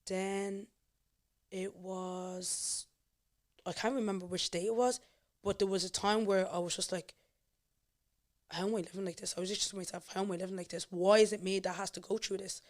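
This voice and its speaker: A woman's voice: medium pitch, fairly even intonation, normal speed. Candid Irish woman telling her story. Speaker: guest. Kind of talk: personal life story in a podcast interview.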